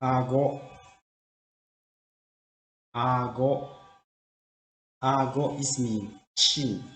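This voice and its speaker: A man teaching vocabulary in a slow drill, repeating each word carefully in simple, broken phrasing. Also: medium pitch, steady tone, a bit bright. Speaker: language teacher. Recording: roomy echo.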